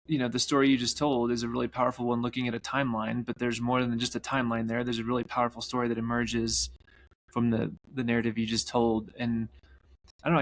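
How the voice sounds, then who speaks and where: A male podcast host feels his way through a long question, hesitant and full of fillers. His voice is mid-pitched and stays fairly flat. He sounds thoughtful rather than pushy. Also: slight background noise. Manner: searching, hesitant, many fillers. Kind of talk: interview question.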